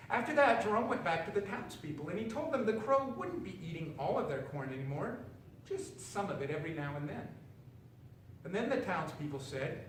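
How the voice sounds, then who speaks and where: A man reading a children's story aloud, expressive and pausing for effect. His pitch rides lively and a little high. The recording is distant and roomy, with faint ambience. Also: slight background noise.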